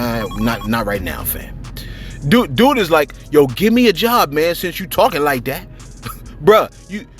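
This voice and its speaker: A man giving casual, slangy celebrity gossip commentary, with big emphatic swings for effect. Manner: animated, slangy, jumping pitch for emphasis.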